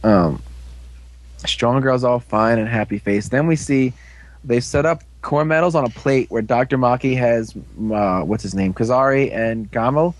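A man's voice: medium pitch, measured pace, no echo. A man casually recapping an episode as a podcast co-host, rambling with lots of fillers. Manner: rambling, filler-heavy storytelling.

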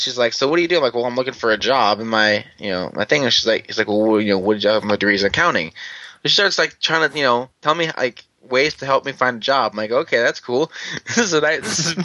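A man with a bright, forceful voice tells a long, rambling story over casual chat, stumbling through fillers and restarts and chuckling along the way. The recording is dull and lo-fi, with a dry, close sound. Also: medium pitch, no echo.

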